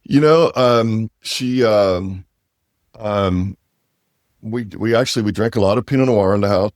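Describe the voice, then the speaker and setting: Deep-voiced man, rambling interview guest. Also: measured pace, a little mellow, no room sound, clean studio sound. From Walla Walla Valley, Washington. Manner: rambling, many fillers and restarts, laughs easily. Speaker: winery owner and interview guest. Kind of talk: casual interview conversation.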